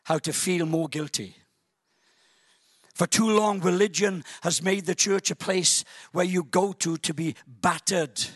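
A high-pitched man preaching a sermon in a church hall. His delivery is dramatic and unhurried, and he calls out to the congregation and bursts into shouts. The sound is dry and close. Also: slightly rough.

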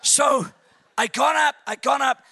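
A male preacher delivers a lively, joke-filled sermon to a church congregation. His voice is bright and slightly husky, and the recording is dry and close. He stammers and restarts as he gets carried along by his story. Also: high-pitched, a little slow, no echo. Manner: animated, jokey, stammering restarts. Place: church service.

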